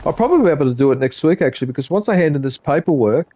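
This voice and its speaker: With an Australian accent, a man rambles chattily to his live-stream viewers as he plays a game, talking to them between remarks about the game. His voice is a little high and lively in intonation, he speaks very fast, and background noise can be heard.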